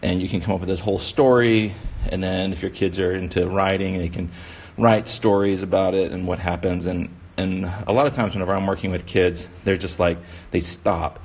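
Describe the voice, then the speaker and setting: A low, darkish male voice holds a steady tone at normal speed with few pauses. He's teaching kids to draw in a casual demonstration, rambling, encouraging them, and scattering "you know" fillers throughout.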